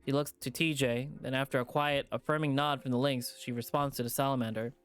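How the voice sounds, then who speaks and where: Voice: mid-range voice, fairly even intonation, fairly quick, few pauses, clear, resonant tone, faint music behind. A streamer reading a visual novel aloud with casual, profane asides.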